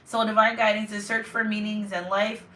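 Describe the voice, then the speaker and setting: Bright-voiced woman, echoey tarot reading. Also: medium pitch, flat delivery, moderate pace. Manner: rambling, repetitive, emotional. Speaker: tarot reader. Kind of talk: casual tarot reading to viewers. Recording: echoey room, distant mic.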